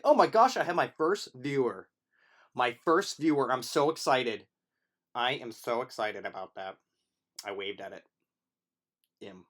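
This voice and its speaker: A man's voice: medium pitch, lively intonation, measured pace, pauses often, a bit bright. Playful rambling male teacher livestreaming. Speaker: film teacher. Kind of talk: casual livestream to students.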